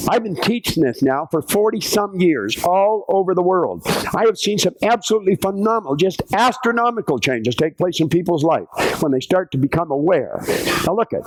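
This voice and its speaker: Animated older man giving a keynote. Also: fairly high pitch, slight background noise, poor audio. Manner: animated storytelling, acts out quoted dialogue, sings snatches of songs. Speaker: motivational speaker. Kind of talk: motivational keynote speech. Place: conference stage.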